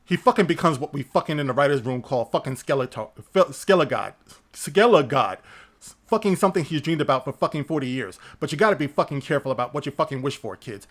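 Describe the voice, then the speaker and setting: Man doing a foul-mouthed filmmaker impression, deeper than his usual voice. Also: expressive, fast. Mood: boastful. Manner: crude, swearing constantly. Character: gruff profane male filmmaker impression.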